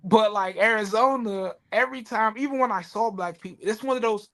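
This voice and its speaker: A man co-hosting a podcast, chatting casually, telling animated stories, swearing freely and acting out the voices of people he quotes. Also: high-pitched, a little fast. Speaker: podcast co-host. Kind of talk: casual chat.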